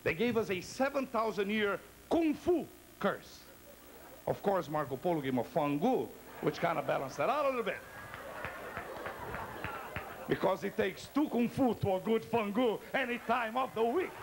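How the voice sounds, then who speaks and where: A male stand-up comedian with a high voice that leaps all over the place as he tells his routine. He talks in a theatrical, playful way and teases people in the audience. A faint murmur sits behind him in the live room. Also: expressive, moderate pace, background noise.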